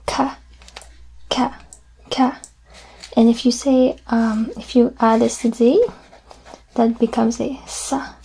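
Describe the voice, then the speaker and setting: Breathy soft-spoken woman, whispered role-play. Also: fairly high pitch. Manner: soft-spoken, patient, repeats words slowly. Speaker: French teacher in role-play.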